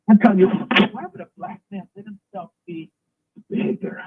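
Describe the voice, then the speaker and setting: A man's voice: high-pitched, normal speed, husky. A man hosting a live stream, delivering an emphatic, preachy, provocative monologue. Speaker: host. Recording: tinny phone-like line.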